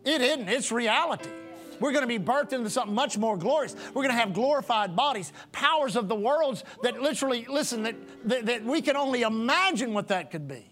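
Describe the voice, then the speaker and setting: A man's voice: very high-pitched, lively intonation, a little fast, a bit bright, faint music behind. A man preaching a sermon as pastor, repeating phrases in a rhythmic cadence for emphasis.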